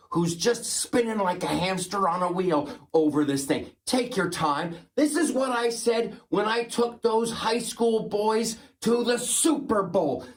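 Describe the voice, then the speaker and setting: A man doing a comedy impression of a rambling, folksy Midwestern male governor who jumps suddenly in pitch.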